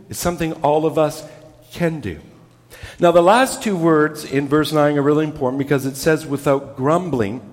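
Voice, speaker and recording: A male pastor preaching with emphasis, his voice a touch higher than most men's. He sinks low and quiet to land key words. The sound carries the long reverb of a large church sanctuary. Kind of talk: sermon.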